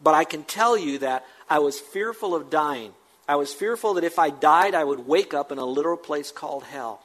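A middle-aged male pastor preaches in an easy, conversational tone, leaning into emphatic peaks. His voice sits slightly higher than most men's, and he slows right down when he quotes scripture. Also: fairly bright tone, rough recording. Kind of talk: sermon.

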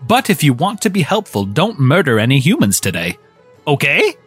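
A performer voicing a boastful, drunk old gnome headmaster in a comedic audio drama, swaggering between sly mutters and loud outbursts. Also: medium pitch, sing-song, moderate pace, slightly rough, soft background music. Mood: callous.

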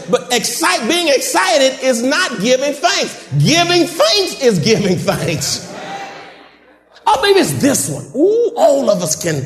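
Very high, swooping male preacher, fervent sermon, echoey church hall. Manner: fervent, calls out to the congregation, rising to shouts.

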